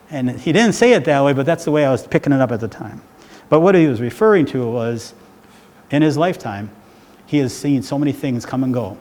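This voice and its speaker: A man's voice: mid-range voice, animated, a little fast, a little mellow. A middle-aged man giving a public talk as loose, rambling storytelling, often checking in with "right?". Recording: hall reverb with faint background noise.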